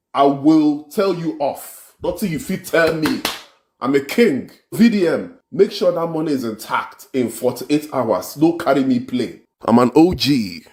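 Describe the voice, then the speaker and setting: A man's voice: on the high side, darkish tone, echoey room. A man with a Nigerian accent scolding and boasting in a social media video rant. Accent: Nigerian Pidgin-inflected English.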